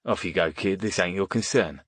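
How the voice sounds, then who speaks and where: A man's voice: low-pitched, brisk, fairly bright tone, no echo. A man voicing a young thug who taunts and threatens. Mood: menacing. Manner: menacing, taunting. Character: threatening young male thug, less drunk.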